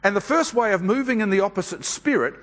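Male preacher with a high voice, unhurried sermon delivery, reverberant church hall. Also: lively intonation. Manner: measured, unhurried delivery with frequent pauses and fillers. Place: church service.

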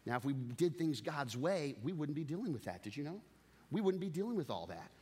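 Animated middle-aged preacher with a higher voice. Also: male voice, fairly quick, slightly rough. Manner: animated storyteller, repeating words as he builds up. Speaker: pastor. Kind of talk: sermon.

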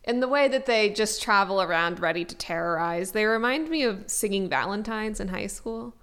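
A woman's voice: mid-range voice, normal speed, background noise. A young woman co-hosting a podcast, talking thoughtfully and casually about books. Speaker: podcast co-host. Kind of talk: casual book discussion.

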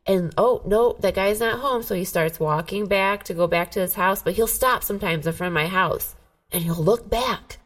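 A woman's voice: mid-range voice, normal speed, recorded from a distance. A woman co-hosting a podcast, telling a heated story in casual chat, swearing a lot. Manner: profane, animated, heated storytelling. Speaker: podcast co-host.

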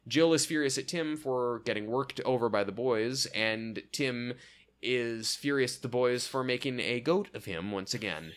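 A man's voice: mid-range voice, moderate pace, a bit bright. A young man co-hosting a podcast, casually recapping a sitcom episode, joking and acting out lines from it. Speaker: podcast co-host.

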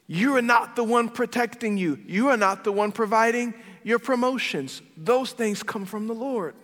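Man, pastor, sermon, high voice, emphatic, loud then hushed, reverberant hall. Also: moderate pace. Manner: emphatic preaching, swinging from loud to quiet. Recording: long hall reverb with soft background music.

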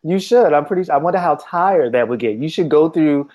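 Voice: mid-range voice, lively intonation, brisk, a little mellow. A podcast co-host in casual chat, rambling and enthusiastic, often correcting themselves mid-sentence.

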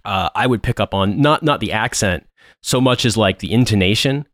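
A man's voice: fairly low pitch, a bit bright, dry recording, clean studio sound. An American man hosting a podcast, telling stories in casual chat and laughing along. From United States. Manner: fast, rambling storyteller with laughs. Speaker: podcast host.

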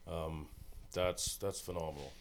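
Deep-voiced man telling stories. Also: unhurried. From Saskatchewan, Canada. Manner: relaxed anecdotal storyteller, rambling, self-deprecating. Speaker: musical guest, singer-songwriter. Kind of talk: casual storytelling chat. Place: recording studio.

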